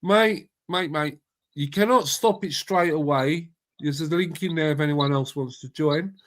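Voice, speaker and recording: Guy hosting a late night stream chat, high voice, blunt and slangy. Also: unhurried, a bit bright. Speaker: host of live stream chat. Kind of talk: casual chat.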